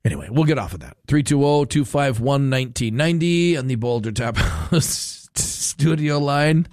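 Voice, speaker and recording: A man's voice: mid-range voice, lively intonation, moderate pace, a little mellow, no room sound. A man hosting a talk radio show, rambling in a casual, self-amused monologue from a radio studio.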